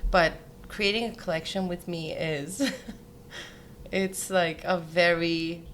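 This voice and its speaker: Woman from denmark, jewelry designer, lowish voice, chatty storytelling in an interview. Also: steady tone, takes it slowly, fairly bright tone, slight background noise. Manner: chatty, tells anecdotes with quoted dialogue. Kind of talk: conversational interview.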